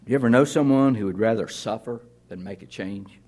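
A man's voice: fairly low pitch, a little fast, a little mellow. A man preaching a sermon to his congregation in a conversational way, with sudden drops to near-whispers. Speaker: pastor.

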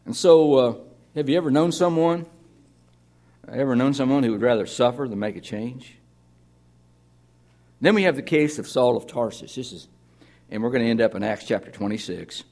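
A man's voice: mid-range voice, normal speed, long pauses, a little mellow. A man preaching a sermon to his congregation in a conversational way, with sudden drops to near-whispers. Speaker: pastor.

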